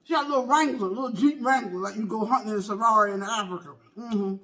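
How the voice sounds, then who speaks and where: A performer playing a loud, gossipy middle-aged auntie in a comedy skit, telling a story while eating. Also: mid-range voice, natural voice. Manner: animated, talks between bites of food; exclamatory, drawn-out "baby", "child", "honey". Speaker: comedy mukbang character.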